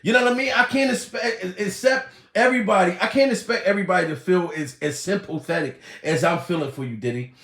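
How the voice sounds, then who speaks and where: A man's voice: high voice, fast talker, hardly any pauses, fairly bright tone. A man hosting a comedy livestream, ranting profanely, laughing often and putting on mock crying. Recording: echoey room.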